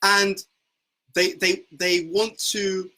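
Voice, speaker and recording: A man's voice: high-pitched, level tone, drawn-out words, bright, forceful tone, low-quality recording. A man giving an earnest devotional talk as a spiritual teacher, often repeating words as he searches for phrasing. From United Kingdom.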